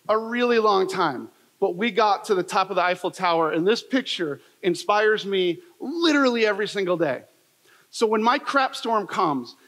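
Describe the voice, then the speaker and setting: In a big event hall, a man gives a motivational keynote, recounting personal stories in an emphatic, repetitive storytelling style. He has a high, fairly bright voice. The recording carries the long reverb of a large hall.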